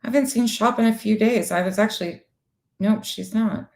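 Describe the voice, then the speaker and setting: A middle-aged woman co-hosting a casual livestream talk show, blunt, animated and quick to swear as she reads viewer comments. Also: medium pitch.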